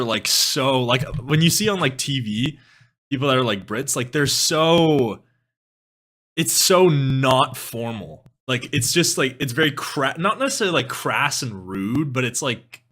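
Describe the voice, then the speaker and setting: Young Canadian guy, live-stream host, bright forceful voice, lively swings, laughs a lot. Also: mid-range voice. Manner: animated, laughs often, swears casually. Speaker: music streamer. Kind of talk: casual live-stream chat.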